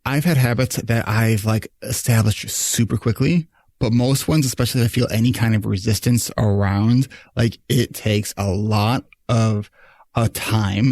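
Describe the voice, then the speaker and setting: A man's voice: on the low side, a little mellow, no room sound. Man, podcast host, loose talky advice, close dry mic. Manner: conversational, frequent "like" and "right?". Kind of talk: casual advice chat.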